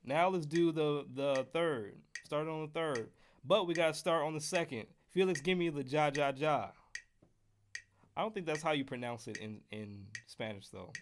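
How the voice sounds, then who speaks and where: American man, casual trumpet teacher, live-streamed lesson, slightly high voice, faint background noise. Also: normal speed. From United States. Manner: casual, joking asides to chat.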